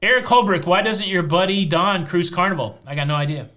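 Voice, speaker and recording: Live-stream host: man, Tennessee drawl, fairly high and bright voice, teasing deadpan jokes. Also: a little fast. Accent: Southern US, Tennessee. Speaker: host of a live cruise show. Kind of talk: casual live-stream chat answering viewer questions.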